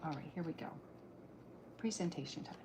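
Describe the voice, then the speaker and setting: Soft-spoken woman, lowish voice, musing ASMR cartoonist, noisy recording. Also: brisk. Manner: soft-spoken, musing aloud, drifting into whispers. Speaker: streaming cartoonist. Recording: noisy background hiss.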